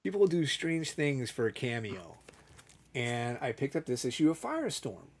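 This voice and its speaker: A man's voice: mid-range voice, big pitch swings, moderate pace. A middle-aged man co-hosting a casual chat, telling a rambling story and acting out the quotes. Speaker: podcast co-host.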